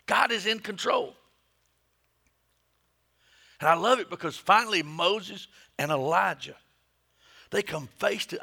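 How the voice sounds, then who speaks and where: Middle-aged male pastor, sermon delivery, husky gravelly voice, swings from hushed to booming. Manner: dynamic preaching, swinging from hushed whispers to loud emphatic peaks.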